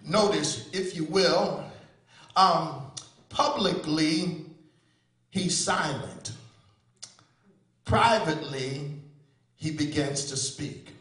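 A male pastor preaching a sermon in a repetitive, singsong cadence, moving between loud calls and quiet teaching. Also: fairly high pitch, drawn-out words, pauses often, roomy sound, far from the mic.

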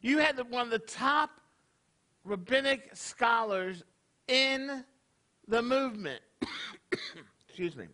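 A man's voice: extremely high pitch, animated, slow, pauses often, pushed and bright. A man, a rabbi preaching a casual, conversational sermon to his congregation, tossing out rhetorical questions. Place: congregation hall.

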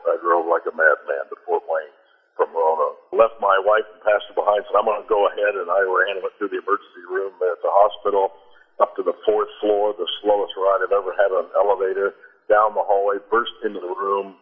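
A man with a low, husky voice speaks earnestly and from the heart, often breaking off and restarting his sentences. His sound comes through a narrow, phone-like radio line. He is a preacher telling a personal story as a guest.

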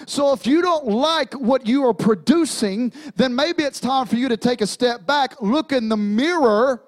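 A man's voice: very high-pitched, unhurried. A man, preaching a sermon in a church sanctuary, with humor and emphatic repetition. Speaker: pastor.

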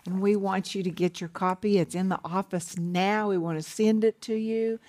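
A woman's voice: medium pitch, moderate pace, hardly any pauses, a little mellow. A woman co-hosting a television ministry program, talking earnestly in plain testimony. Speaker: co-host, pastor's wife.

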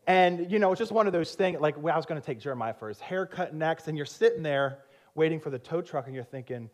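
A man's voice: fairly high pitch, lively intonation, brisk. A male pastor, probably in his thirties, preaching a sermon and telling a personal story with frequent laughter and self-mocking humor.

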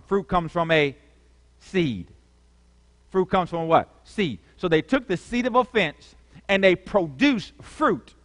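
A man preaching a sermon, repeating key words and calling for answers from the congregation. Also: high voice. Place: church. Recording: long reverb of a church hall.

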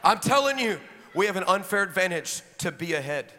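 Preaching with energy and humor, a pastor speaks a little fast in a high, bright voice that swings into shouting. A long reverb carries his words through a large church hall, with faint noise in the background.

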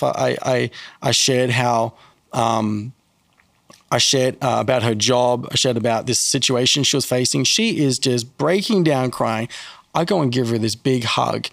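A man's voice: medium pitch, gravelly, dry recording, clean studio sound. A man talking casually as a podcast guest, telling faith stories and acting out the people in them with a raised voice. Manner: animated, acts out quoted people in a raised voice. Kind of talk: casual faith talk with storytelling.

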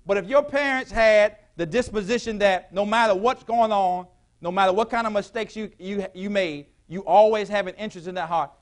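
In a church sanctuary, a male pastor delivers a sermon, throwing call-and-response questions to the congregation and sometimes rising to shouts. His voice is high-pitched and a little fast.

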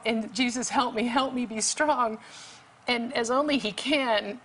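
A woman's voice: mid-range voice, fairly bright tone. A woman guest telling a vivid, emphatic story as a testimony, with bursts of urgency. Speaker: guest author.

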